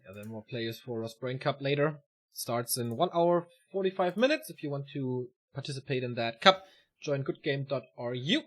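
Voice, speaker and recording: A man's voice: medium pitch, lively intonation, normal speed, a bit bright. A man co-casting a live strategy game match, relaying results and announcements and teasing his partner. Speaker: esports co-caster.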